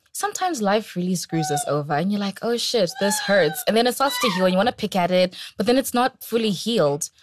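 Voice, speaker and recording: Female co-host from Zimbabwe, low-mid pitch, animated, playful, dry close mic. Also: no echo. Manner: playful, teasing, quick asides. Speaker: podcast co-host. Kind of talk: casual chat. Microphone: shared mic passed around.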